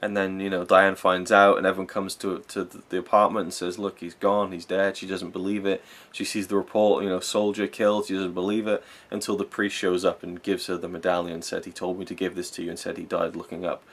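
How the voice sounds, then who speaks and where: A man's voice: low-pitched, level tone, fairly quick, few pauses, fairly bright tone. A young man giving a rambling, enthusiastic spoken film review, full of fillers and self-corrections.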